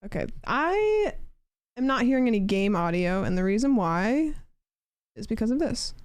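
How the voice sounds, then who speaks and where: A woman's voice: a little high, very animated, moderate pace, clear, resonant tone, dry recording. A young woman streaming a game, chatting casually and rambling as she answers her chat. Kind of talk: casual chat while gaming.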